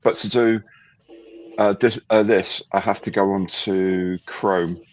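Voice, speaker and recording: A man's voice: low voice, fairly even intonation, takes it slowly, rough recording. A man joining a livestream as a guest, rambling and restarting as he explains things. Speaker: guest on a live model-building stream. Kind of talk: casual live-stream chat.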